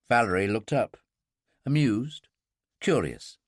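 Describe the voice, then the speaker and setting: A man giving scripted audiobook narration in a calm, understated manner. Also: on the low side, normal speed, dry recording, studio quality.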